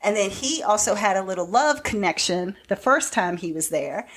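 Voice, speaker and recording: A woman's voice: medium pitch, animated, moderate pace, a bit bright. A woman co-hosting a casual podcast, animatedly retelling a TV plot and acting out the characters' lines. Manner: rambling, with many "like" and "so anyway" fillers. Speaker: podcast co-host. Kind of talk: casual chat.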